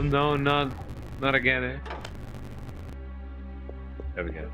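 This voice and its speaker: A man streaming a video game live, talking to himself in a worried, halting way and yawning now and then. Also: mid-range voice, animated, pushed and bright, faint music behind. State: sleepy, yawning. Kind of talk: casual live gameplay commentary.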